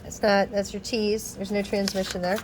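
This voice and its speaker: A woman's voice: mid-range voice, moderate pace. Woman doing a diy truck repair vlog, laughs a lot, kinda exasperated, faint noise behind. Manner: chatty and animated, laughs often, exasperated asides. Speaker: DIY car repair vlogger. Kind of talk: casual how-to explanation, reading a repair manual aloud.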